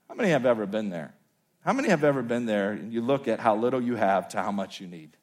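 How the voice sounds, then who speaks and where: A man, a pastor, preaching an energetic, joking sermon with many repetitions. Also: medium pitch, quick pace. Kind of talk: humorous sermon.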